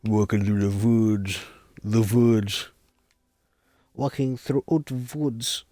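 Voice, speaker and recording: A man streaming a game live, rambling and goofy in a deadpan way. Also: on the low side, slow pace, dry recording.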